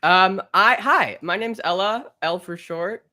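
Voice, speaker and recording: A woman's voice: mid-range voice, slow pace, sharp tone. A young woman, a comedy writer, chatting upbeat with fillers over a webcam on a video call. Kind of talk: casual chat on a video call.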